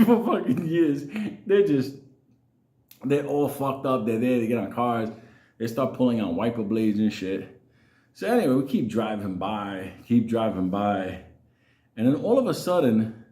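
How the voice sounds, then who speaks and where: A man's voice: mid-range voice, dark tone. A man telling a wild story, swearing constantly and laughing through his lines. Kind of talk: profane comic storytelling. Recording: echoey room.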